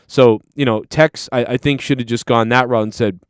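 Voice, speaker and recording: A man's voice: medium pitch, steady tone, normal speed, few pauses, smooth, no echo, studio quality. A man hosting a live stream, recapping a clip in a rambling, profane, casual way. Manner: rambling, profane, talks over replayed clips. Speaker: stream host.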